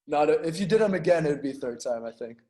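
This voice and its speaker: A man's voice: a little high, lively intonation, fast, warm tone. A young man co-hosting a podcast in casual chat, agreeable and chuckling. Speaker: podcast co-host.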